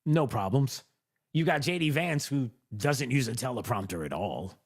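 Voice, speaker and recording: A man hosts a political commentary show in a sarcastic, mocking tone. His voice is animated and swings widely in pitch as he talks into the mic. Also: moderate pace, breathy edge.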